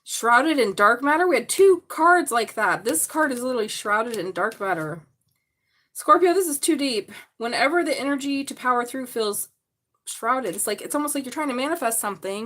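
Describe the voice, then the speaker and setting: A woman giving a live tarot reading, chatty and excitable, swearing casually and talking straight to her viewers. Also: on the high side. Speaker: tarot reader.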